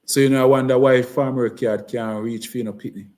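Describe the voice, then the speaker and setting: Here a Jamaican-accented political speaker makes a passionate campaign pitch, going over the same ground repeatedly and lapsing into patois. His medium-pitched voice is steady, brisk, and a little mellow.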